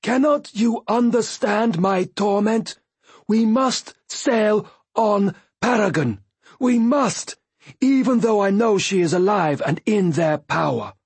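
A man voicing a high, anguished blind tumbler. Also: slow pace, husky, dry recording, heavily acted. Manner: intense and pleading. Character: blind, bitter, desperate male former tumbler. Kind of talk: audiobook character voicing.

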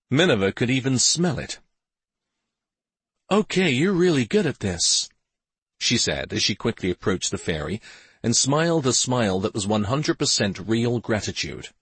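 A man reads a fantasy novel aloud in an expressive, measured way. His voice sits low and a little husky, and his pitch moves a lot. The recording is dry and close. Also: no echo. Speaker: audiobook narrator. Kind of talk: scripted fantasy narration.

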